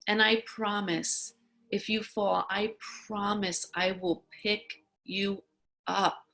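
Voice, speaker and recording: A woman voicing a patient mother who gently coaxes her young daughter. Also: mid-range voice, fairly even intonation, slow pace, creaky, exaggerated voice. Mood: reassuring. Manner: gentle and coaxing.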